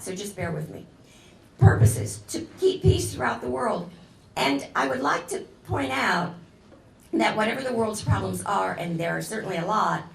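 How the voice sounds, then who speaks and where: Gravelly-voiced woman lecturing a class. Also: fairly low pitch, a little hiss or hum. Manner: enthusiastic, digressive, addresses audience directly. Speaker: guest lecturer. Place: lecture room. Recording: echoey room recording from a distance.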